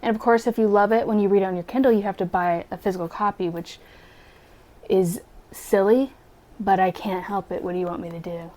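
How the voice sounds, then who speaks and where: A young woman with a Southern US drawl talks casually to her viewers. Her voice sits at a middle pitch, and she rambles, trips over her sentences and pokes fun at herself as she goes. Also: fairly even intonation, brisk, mellow. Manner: rambling, self-deprecating, restarts sentences. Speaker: vlogger. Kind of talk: casual chatty vlog narration.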